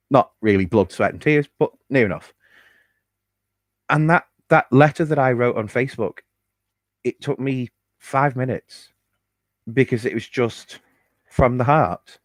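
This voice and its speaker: A man's voice: mid-range voice, no room sound. A man telling a personal story on a podcast, chatty and candid, with fillers and the odd swear word. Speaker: podcast host.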